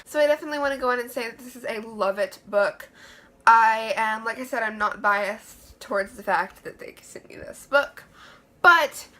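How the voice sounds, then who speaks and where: A woman's voice: fairly high pitch, moderate pace, pushed and bright, a little hiss or hum. A woman giving an enthusiastic, chatty book review in a room lined with books. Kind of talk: casual book review vlog.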